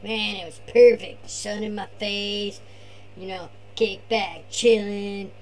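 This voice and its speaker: A man's voice: high-pitched, steady tone, takes it slowly. A man voicing his laid-back surfer-dude cousin, who drawls slacker talk and tags bruh and man onto every line.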